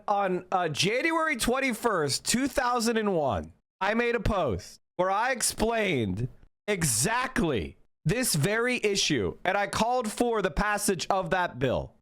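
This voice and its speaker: A male political streamer speaks bluntly and combatively, answering his chat as he goes. His voice sits fairly high. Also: a bit bright. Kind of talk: live stream commentary.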